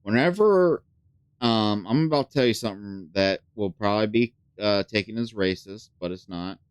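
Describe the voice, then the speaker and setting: Casual gamer host, male, clear voice, dry close sound, chatty and filler-heavy, mutters while thinking. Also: lowish voice, moderate pace, no echo. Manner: drops to a mutter when thinking aloud. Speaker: gaming channel host. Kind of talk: casual let's play commentary.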